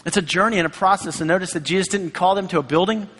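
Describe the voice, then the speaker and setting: A man's voice: high voice, racing, fairly bright tone, slightly rough. A man preaching a sermon in a conversational way, acting out quoted voices along the way. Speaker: pastor. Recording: long hall reverb.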